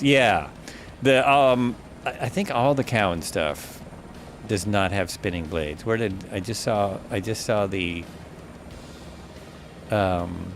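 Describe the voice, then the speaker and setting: A man's voice: lowish voice, a little hiss or hum. A man streaming a flight simulator, chatting casually and thinking aloud, often stopping to correct himself. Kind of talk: casual live gameplay commentary.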